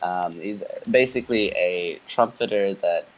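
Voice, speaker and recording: A young man with a mild Australian accent, a band member chatting casually on a podcast in a relaxed, rambling way with lots of fillers. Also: low-pitched, unhurried, poor audio.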